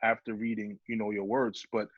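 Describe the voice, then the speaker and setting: He has a husky, raspy voice recorded dry and close, with a muffled lo-fi sound. As host, he asks rambling questions that he restarts mid-sentence. The delivery is casual and conversational. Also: fairly low pitch, flat delivery, normal speed, no room sound. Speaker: podcast host.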